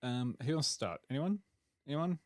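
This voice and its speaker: A man hosting a podcast chat, rambling and halting as he hunts for words. His pitch is middling, and the sound is close and dry with no room echo. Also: lively intonation. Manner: rambling, halting, lots of ums and restarts. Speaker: podcast host. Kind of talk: casual chat.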